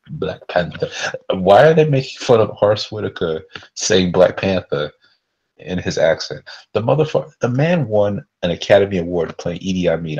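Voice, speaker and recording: Low-voiced laid-back man, lo-fi. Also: creaky, darkish tone. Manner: laid-back, rambling, joking, often restarts. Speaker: podcast co-host. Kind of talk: casual chat. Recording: dull lo-fi sound.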